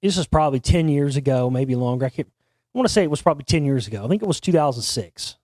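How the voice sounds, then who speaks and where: A man's voice: on the high side, animated, fast talker, darkish tone, dry recording, clean studio sound. A man hosting an internet talk show, telling a long story in a rambling, casual way with frequent restarts and casual swearing. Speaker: podcast host.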